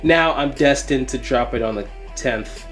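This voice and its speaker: A man's voice: medium pitch, unhurried, fairly bright tone, faint music behind. A male host giving blunt, sarcastic commentary while reading through text messages.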